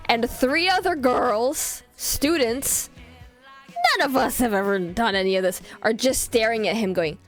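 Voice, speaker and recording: With faint music playing behind her, a twenty-something woman narrates a story on a livestream, chatty and animated yet a little slow and pausing often. Quoted lines get performed with large pitch swings.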